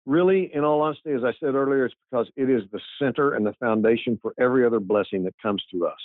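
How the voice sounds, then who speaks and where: A man's voice: mid-range voice, fast, no echo. A man, a pastor and author, answering interview questions in an earnest, emphatic way with frequent restarts. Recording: tinny phone-like line.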